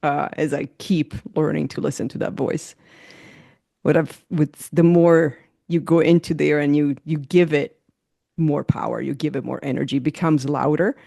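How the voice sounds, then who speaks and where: A woman's voice: low voice, fairly even intonation, normal speed, vocal fry, mellow, no room sound, studio quality. A woman hosting a podcast, chatting casually and laughing often. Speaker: podcast host.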